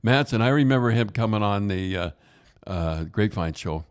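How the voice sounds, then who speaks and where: A man's voice: lowish voice, lively intonation, normal speed, clean tone. An older man with a Canadian accent, hosting a podcast and telling hockey stories in a rambling way, restarting often and tagging lines with "eh". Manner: rambling, repeats and restarts, says "eh". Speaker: podcast host. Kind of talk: casual hockey storytelling.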